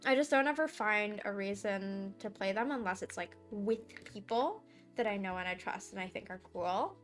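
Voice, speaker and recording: A woman's voice: mid-range voice, moderate pace. A young woman art streamer chatting casually and giggling while she draws, sometimes cooing baby talk at her cat. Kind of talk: casual chat while drawing. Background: soft background music.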